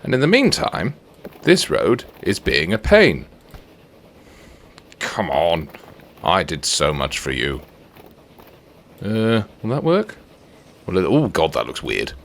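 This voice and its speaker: A man's voice: rumbling low, very animated, slow, gravelly, pauses often, fairly bright tone, slight background noise. A man hosting a let's play, giving chatty, playful commentary and joking with himself as he builds. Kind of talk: casual gameplay commentary.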